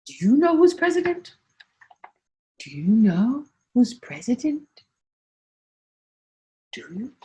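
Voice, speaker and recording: A woman comedian playing a daffy, rambling woman politician in a satirical spoof monologue. The figure repeats herself and punctuates her thoughts with deadpan 'yes' asides. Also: a little high, slow pace, long pauses. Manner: swings from hushed asides to sudden loud outbursts.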